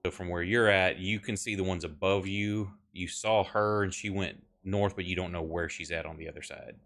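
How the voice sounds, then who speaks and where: A man running a tabletop game as game master, talking in a halting way with many pauses and fillers. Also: low-pitched, steady tone, a bit bright, faint music behind.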